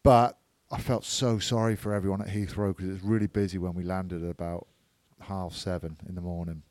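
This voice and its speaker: A man's voice: sits low, flat delivery, fairly quick, darkish tone, no room sound. A man, chatting on a podcast, teasing and grumbling. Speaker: podcast co-host. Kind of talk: casual chat.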